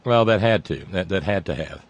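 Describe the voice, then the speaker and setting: A low-pitched man talks briskly while hosting a casual radio chat. His style is folksy and joking, and he often restarts his sentences.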